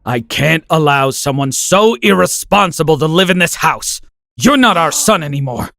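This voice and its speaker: An angry, unforgiving father in an animated story, voiced by the male narrator, harsh and slow. His words land with heavy, deliberate emphasis. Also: fairly high pitch, creaky, no echo, clean studio sound. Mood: furious.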